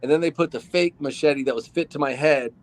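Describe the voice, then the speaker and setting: A man from Arizona, an actor guest on a podcast, telling behind-the-scenes stories in a relaxed, rambling way with lots of fillers. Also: a little high, fairly quick. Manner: relaxed storytelling with many fillers. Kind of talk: casual podcast interview.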